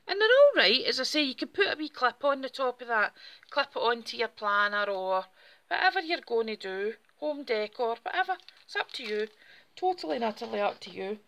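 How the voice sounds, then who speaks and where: Bright-voiced woman crafter. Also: medium pitch, vocal fry. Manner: chatty, friendly, explaining step by step. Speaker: craft channel host. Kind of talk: casual craft tutorial.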